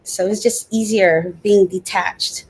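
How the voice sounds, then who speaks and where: A middle-aged woman guest speaking earnestly and with emotion, halting at times, in an interview over a video call. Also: medium pitch, steady tone, slightly rough. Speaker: guest, Air Force veteran. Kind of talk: personal interview talk.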